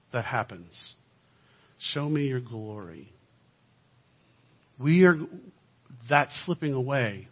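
Guy preaching, husky voice, gets loud then drops soft, muffled lo-fi recording. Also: medium pitch. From United States. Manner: animated, swings between loud emphasis and quiet asides. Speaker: guest speaker. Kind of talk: sermon-style teaching talk. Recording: dull lo-fi recording.

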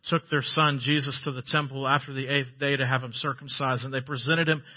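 A man preaching a sermon, telling stories with a voice that swells loud and then drops soft. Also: medium pitch, level tone, fairly quick, muffled recording. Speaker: pastor.

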